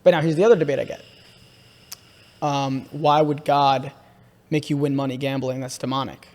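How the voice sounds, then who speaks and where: A young man on a podcast, excitedly telling a long story and calling his listener "bro" a lot. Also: mid-range voice, normal speed. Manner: excitable, repeats himself, says "bro" a lot. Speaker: podcast host. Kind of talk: casual podcast chat, storytelling. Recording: room with long reverb.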